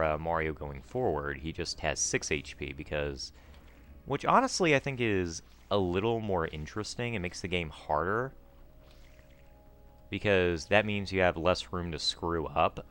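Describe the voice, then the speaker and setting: A man's voice: very deep voice, fairly bright tone, clean tone. A man hosting a let's play, chatting casually and rambling through trivia while he plays, and yelping when he fails. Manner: yelps when failing in the game. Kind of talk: casual gameplay commentary.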